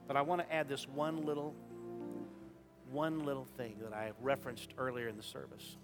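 A man preaching a sermon as pastor, shifting from quiet talk into sudden loud impassioned rises. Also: medium pitch, level tone, moderate pace, over music. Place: church sanctuary.

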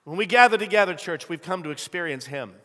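A middle-aged man preaching a sermon in a large sanctuary, his bright, fairly high voice ringing with a long hall reverb. He tells stories and then drives home his points with loud, emphatic bursts, clearing his throat now and then. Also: lively intonation, fast. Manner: storytelling preacher who builds to loud emphatic peaks. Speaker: pastor.

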